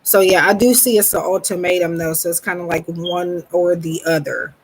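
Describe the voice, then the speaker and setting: A woman reading tarot cards on a live stream, talking in a relaxed, rambling way with frequent ums and pausing to greet viewers. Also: fairly low pitch, husky, low-quality recording. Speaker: tarot reader.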